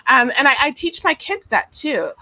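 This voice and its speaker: A woman speaking as a guest therapist in an interview over a video call, gentle and reflective, with many fillers and restarts. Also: sits high, big pitch swings, normal speed, no room sound, poor audio. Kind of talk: casual interview talk.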